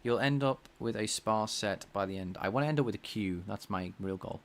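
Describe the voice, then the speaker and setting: A man with a slightly nasal voice, thinking out loud as he codes live and talks to his chat. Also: on the low side, brisk. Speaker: game developer streaming his coding. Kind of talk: casual live-coding chat.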